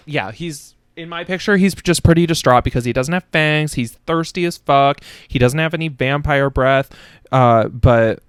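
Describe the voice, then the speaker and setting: A man's voice: mid-range voice, clear, resonant tone, dry recording. A young adult man hosting a casual comedic book review podcast, rambling with profane, self-mocking asides. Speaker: podcast host.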